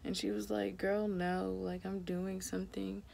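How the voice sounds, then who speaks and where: Gravelly-voiced young woman telling a story. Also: medium pitch, level tone, unhurried, darkish tone. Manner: chatty, lots of "like", swearing. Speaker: beauty vlogger. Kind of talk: casual storytime while doing makeup.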